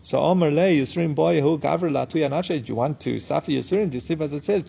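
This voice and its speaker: A man giving a daf yomi Talmud class, reading the Aramaic text and explaining it in English in a casual, unhurried way. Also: a little high, gravelly, warm tone, slightly rough. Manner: casual and unhurried, with many fillers. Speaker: Talmud teacher.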